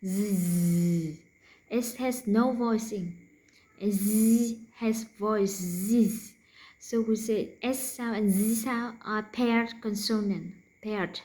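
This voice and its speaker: Woman w/ vietnamese accent teaching pronunciation, talks slow, kinda high voice, repeats sounds and whispers the unvoiced ones. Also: steady tone, darkish tone, low-quality recording. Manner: demonstrates sounds by repeating them, drops to whispers. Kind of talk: slow explanatory lesson.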